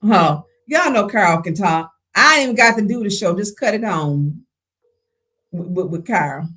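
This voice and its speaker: A woman's voice: mid-range voice, animated, a little slow, fairly bright tone. A woman hosting a call-in talk show, friendly and laughing but firm about keeping time. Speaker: host.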